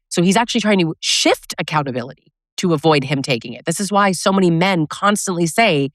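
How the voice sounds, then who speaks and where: A woman's voice: lowish voice, fast, no echo, studio quality. A woman relationship coach giving blunt, sarcastic advice, acting out quoted lines as she talks. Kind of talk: direct-to-camera advice talk.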